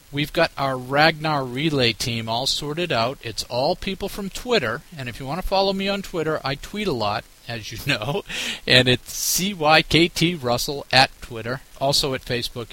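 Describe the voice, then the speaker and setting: A man's voice: mid-range voice, bright, forceful tone, poor audio. A man hosting his running podcast in a chatty, teasing, rambling way. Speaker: podcast host. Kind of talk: casual podcast chat.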